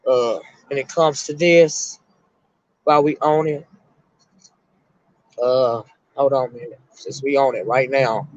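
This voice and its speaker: A middle-aged woman, a retired school counselor, hosting an emotional live-stream chat and speaking haltingly to her viewers. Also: very deep voice, steady tone, a little mellow, no room sound, dull audio. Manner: emotional, halting, repeats words while talking to her chat.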